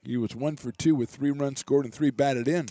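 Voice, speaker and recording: A man doing relaxed, chatty play-by-play commentary for a college baseball game, with self-deprecating asides. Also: mid-range voice, normal speed, no echo. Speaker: play-by-play announcer.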